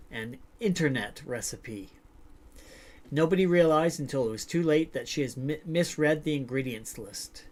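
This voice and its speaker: A man hosting a livestream, reading short stories aloud and then chatting loosely with filler words. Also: medium pitch. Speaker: livestream host. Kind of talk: casual livestream storytelling.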